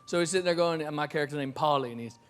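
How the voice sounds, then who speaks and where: A man telling an excited, laughing story from a film set on a talk show. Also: fairly high pitch, rapid-fire. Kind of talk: casual chat. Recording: music behind.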